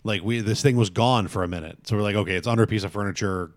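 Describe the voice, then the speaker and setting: A man co-hosting a podcast, telling a story in a lively, casual way and swearing often. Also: lowish voice, rapid-fire, a little hiss or hum. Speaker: podcast co-host. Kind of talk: casual chat.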